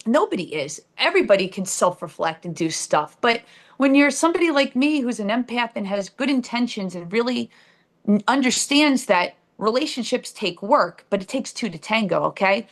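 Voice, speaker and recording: A woman's voice: a little high, animated, moderate pace. A woman, a podcast guest telling her story candidly and bluntly, with sarcasm and casual swearing.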